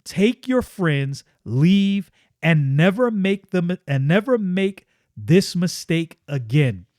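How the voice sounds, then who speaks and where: A man reading the lines of a fierce middle-aged ranch wife from a comic book, in a stern, measured voice close to his own. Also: high-pitched, big pitch swings, darkish tone, no echo, heavily acted.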